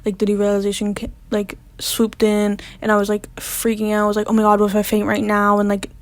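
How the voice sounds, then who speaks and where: A fast-talking young woman with a mid-range voice and completely flat delivery shares a personal story vlog-style. She's chatty and full of "like" fillers, whispering when the panic comes back to her, and the audio has no echo.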